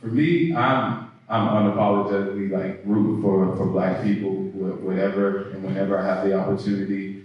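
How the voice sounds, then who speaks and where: A man's voice: low-pitched, little pitch movement, fairly quick, distant mic, highs cut off. A man on an industry panel speaking earnestly and passionately to students. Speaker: panelist, footwear professional. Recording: echoey hall, mic from afar.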